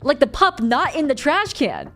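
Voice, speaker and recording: A young woman with a high-pitched voice streams live at a moderate pace, faint music playing behind her. She chats casually and animatedly with her viewers, reading their messages aloud and laughing often.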